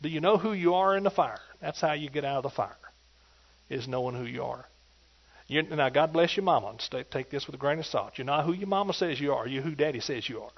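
A man's voice: a little high, brisk, dull audio. A man preaching a sermon with emphatic delivery, repeatedly calling out to his congregation for agreement.

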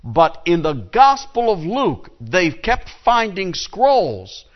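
A male pastor preaching a sermon with lively storytelling, calling on the congregation to answer. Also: high-pitched, slow, dull audio.

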